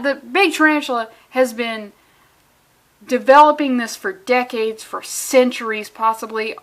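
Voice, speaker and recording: Higher-pitched woman with sarcastic rambling. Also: bright, forceful tone. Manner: rambling, sarcastic tangents, frequent swearing. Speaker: comic book reviewer. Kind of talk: casual comic book review vlog.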